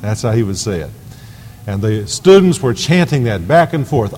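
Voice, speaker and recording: A man's voice: on the low side, big pitch swings, normal speed, darkish tone. Preacher man in a reverberant church. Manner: preaching with emphatic swells on key phrases. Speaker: pastor. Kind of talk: sermon. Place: church sanctuary.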